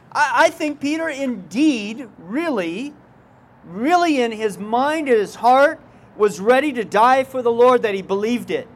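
A man's voice: very high voice, expressive, a little slow. A male pastor preaching a sermon in a conversational way, with folksy asides and questions to the congregation.

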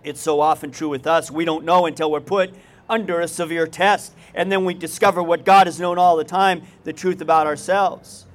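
A man with a high-pitched voice preaches a sermon to his congregation. He keeps it conversational, drops in folksy asides and puts questions straight to his listeners. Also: fairly even intonation, normal speed. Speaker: pastor.

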